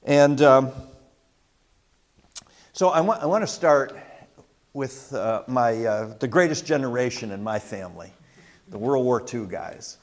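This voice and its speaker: A man's voice: medium pitch, expressive, measured pace, pauses often. Older man telling a family war story. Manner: conversational with frequent restarts and fillers. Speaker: host. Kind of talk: personal storytelling.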